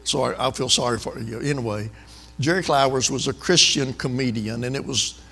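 A man's voice: mid-range voice, brisk, vocal fry, bright, forceful tone, long reverb tail, soft background music. A man, preaching a sermon in a folksy, storytelling way with asides to the congregation.

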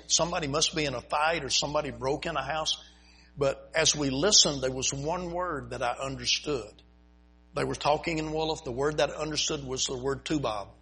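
A missionary preacher tells a folksy story from the pulpit, chuckling at his own punchlines. His voice sits a little high, with a bright, forceful edge and a husky grain. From United States. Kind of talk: storytelling sermon. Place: church before a congregation.

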